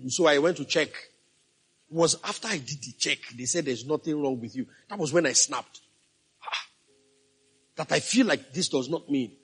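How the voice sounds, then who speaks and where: Male pastor, high husky voice, emphatic sermon delivery with repeated refrains, soft music beneath. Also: unhurried, long pauses. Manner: emphatic, repeats key phrases, asks the congregation questions.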